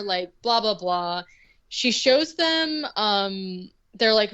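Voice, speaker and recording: A woman's voice: a little high, lively intonation, measured pace, fairly bright tone, muffled recording. A woman co-hosting a podcast, loosely recapping a movie plot with lots of filler words and restarts. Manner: rambling summary full of filler words. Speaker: podcast co-host.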